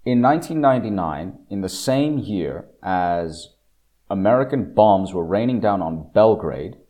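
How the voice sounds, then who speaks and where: A man giving a blunt, opinionated political monologue. He slows down to stress key phrases and breaks off into restarts and asides. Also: low voice, expressive, mellow. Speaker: political commentator.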